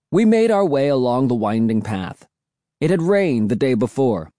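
A man reading a children's novel aloud as an audiobook narrator, voicing the children's dialogue with shifts in pitch. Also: very animated, normal speed, warm tone, dry recording, clean studio sound.

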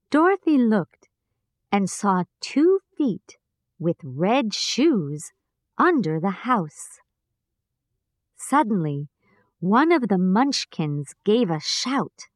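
A woman's voice: mid-range voice, very animated, slow pace, dry recording. A woman reading a children's story aloud carefully, as a storyteller. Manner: careful, clearly paced for learners.

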